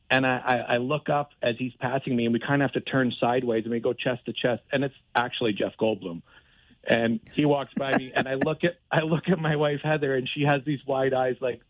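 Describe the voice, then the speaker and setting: A man in his forties from Canada calls a radio show to tell a story. He is animated and pokes fun at himself. The phone line sounds thin and tinny, with no room behind it. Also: mid-range voice, a little fast, no echo. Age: 40s. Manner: lively storyteller, self-deprecating. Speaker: caller. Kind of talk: telling an anecdote on a phone-in.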